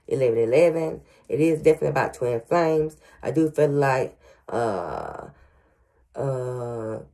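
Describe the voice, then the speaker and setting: A woman's voice: sits low, dark tone. A grandmother working as a psychic medium, giving a casual reading to viewers with frequent stutters, fillers and "y'all". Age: older.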